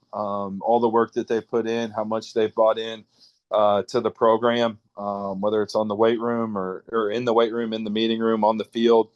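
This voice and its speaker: A high school football coach with a low, even voice and a Midwestern American accent. He answers radio interview questions haltingly, full of fillers and restarts, on a dry, close mic. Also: dry recording, highs cut off.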